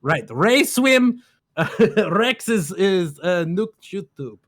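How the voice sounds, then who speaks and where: A man's voice: high-pitched, sing-song, takes it slowly, fairly bright tone, no echo, clean studio sound. A man casually recapping a game plot on a stream, rambling in broken grammar with lots of fillers and laughs.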